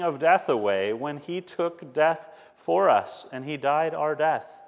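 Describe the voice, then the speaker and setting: A man's voice: a little high, takes it slowly, gravelly, hardly any pauses. A man preaching a sermon, earnest and conversational, growing fervent as he reads scripture aloud. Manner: earnest, rising to fervent when reading scripture. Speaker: pastor. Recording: long hall reverb.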